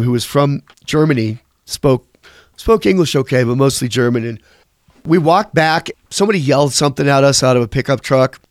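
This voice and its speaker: A man in his fifties, a former band bassist, telling candid, profane stories in a rambling interview. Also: dry recording, clean studio sound.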